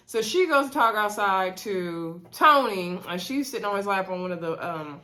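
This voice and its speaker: A woman's voice: medium pitch, normal speed. A woman recapping a reality dating show in a casual, gossipy way, acting out what the cast said. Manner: animated, gossipy, acts out quotes.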